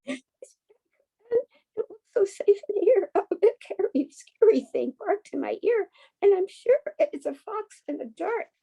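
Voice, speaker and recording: A woman voicing a frightened young lamb in a picture-book reading, in a high tearful voice. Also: big pitch swings, measured pace, gravelly, dark tone, exaggerated voice, rough recording.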